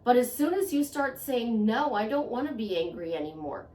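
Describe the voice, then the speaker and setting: A woman talks through a motivational monologue in an earnest, conversational way, coming back to the same phrases to press a point. Her voice sits on the higher side. The recording is echoey, with her set back from the microphone. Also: very animated, normal speed, warm tone. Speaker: self-help vlogger. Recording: echoey room, voice a bit far from mic.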